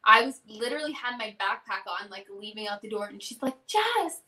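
A woman's voice: mid-range voice, fast talker, recorded from a distance. A young woman guest, one half of a music duo, telling stories in a casual interview chat and acting out past exchanges. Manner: animated storyteller who acts out past exchanges.

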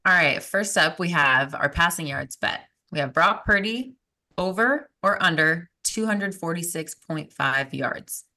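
Bright-voiced teasing woman co-host. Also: fairly low pitch, lively intonation, a little slow. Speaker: podcast co-host reading bets. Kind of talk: casual chat.

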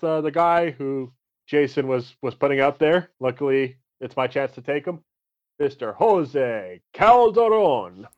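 Relaxed man on a dull lo-fi line. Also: on the high side. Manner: relaxed, joking, restarts often. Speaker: podcast host. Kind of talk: casual sports podcast chat. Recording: dull lo-fi audio.

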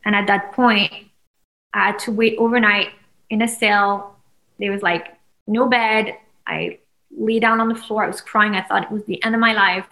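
Woman in her 30s, from France, interview guest, animated storytelling, mid-pitched voice. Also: normal speed, low-quality recording. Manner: animated, acts out quoted voices with sudden loud peaks. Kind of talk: emotional personal storytelling.

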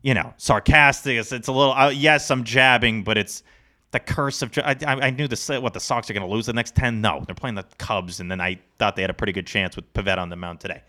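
A man co-hosting a sports podcast, talking in a casual, animated, rambling way. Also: lowish voice, fast talker. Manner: animated, rambling, self-deprecating. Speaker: podcast co-host.

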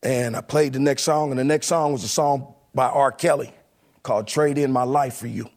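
A man telling a personal story about his years as a club DJ in a lively, casual way, often acting out the voices of the people in it. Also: medium pitch, moderate pace. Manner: animated, laughing, acts out quoted voices.

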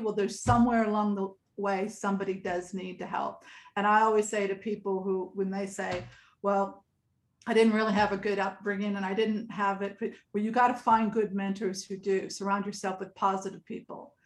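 Chatty older woman in an echoey room. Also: medium pitch. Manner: chatty, rambling, laughs often. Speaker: interview guest. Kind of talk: casual storytelling.

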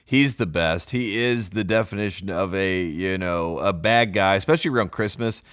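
A man's voice: deep voice, normal speed, a bit bright, clear, resonant tone, no echo, studio quality. A young man co-hosting a sports podcast, talking casually and enthusiastically, laughing as he goes. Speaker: podcast co-host.

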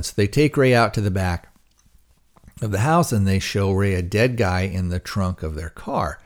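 A man's voice: deep voice, normal speed. A male podcast host casually recapping a TV episode, rambling with fillers and retelling the dialogue. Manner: rambling, relaxed, many fillers and retold dialogue.

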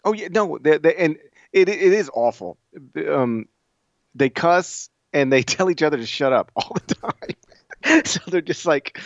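A man in his thirties co-hosting a sports podcast, bantering in animated, laughing casual chat. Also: on the high side, normal speed, dry recording. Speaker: podcast co-host. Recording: dull, lo-fi sound.

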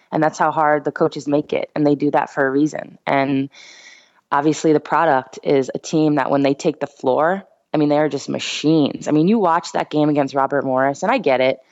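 A woman with a low voice talks through her points on a podcast, pressing them with frequent "I mean" and "you know". Her voice sits close and dry, and the recording sounds dull and lo-fi. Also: brisk, darkish tone, no room sound. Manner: emphatic, many "I mean" and "you know" fillers. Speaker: guest, basketball player and commentator. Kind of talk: casual podcast chat.

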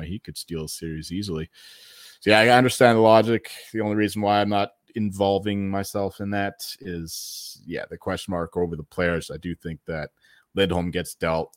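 Man, very deep voice, rambling podcast co-host, repeats himself, dry sound. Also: no room sound. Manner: rambling, repeats words, casual swearing. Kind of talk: sports betting podcast chat.

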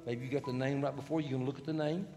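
A male pastor preaches with a gravelly, creaky voice, swinging from hushed lines to loud shouted ones. His voice rings with long hall reverb, and faint music plays behind. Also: medium pitch, steady tone, racing. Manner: emphatic preaching that swells to shouting. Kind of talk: sermon.

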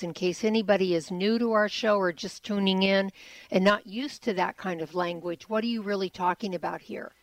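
A woman's voice: medium pitch, no room sound. A woman co-hosting a talk radio show, speaking in an upbeat, promotional way with frequent affirming murmurs. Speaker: radio co-host.

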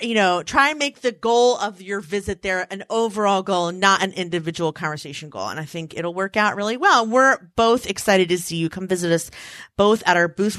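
A woman co-hosting a podcast, chatting in a lively, teasing way and laughing often. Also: a little high, dry recording, clean studio sound. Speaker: podcast co-host. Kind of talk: casual chat.

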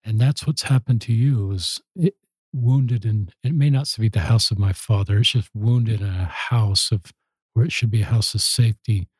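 A man hosting an interview, speaking thoughtfully and gently. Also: on the low side, normal speed, slightly rough, dry recording, poor audio. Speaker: host. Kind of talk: interview conversation.

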